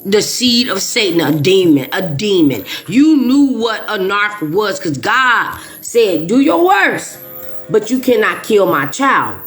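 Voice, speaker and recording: A woman's voice: mid-range voice, sing-song, measured pace, few pauses, fairly bright tone. A woman speaking directly to her viewers in a casual, heartfelt monologue. She presses her points hard, repeats key phrases and often restarts her sentences. Faint music plays underneath. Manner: emphatic and repetitive, with frequent restarts. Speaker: video creator.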